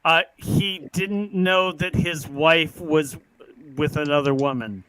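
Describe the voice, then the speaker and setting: Male quiz player, higher bright voice, slow delivery, crude jokes, dry sound. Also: clean tone, dry recording, rough recording. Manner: swears freely, blurts silly answers. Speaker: trivia player. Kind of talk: casual chat.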